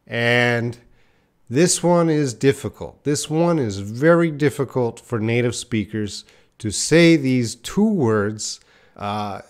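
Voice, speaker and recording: A man speaks to viewers of his live online English class, talking slowly and at an ordinary mid pitch. He stays casual and jokes at his own expense, answering people in the chat by name. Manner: casual, self-deprecating, addresses viewers by chat names. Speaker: English teacher.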